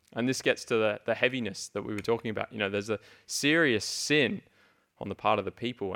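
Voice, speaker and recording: A man's voice: mid-range voice, pushed and bright. A man teaching through a Bible passage, reading verses aloud and explaining them in an earnest, conversational way with frequent restarts. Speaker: preacher.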